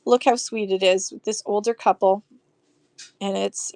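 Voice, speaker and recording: A woman's voice: mid-range voice, fairly even intonation, a little slow, darkish tone. A woman selling vintage postcards on a live stream, gushing over each card and reading verses aloud in a chatty way. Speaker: live online auction seller.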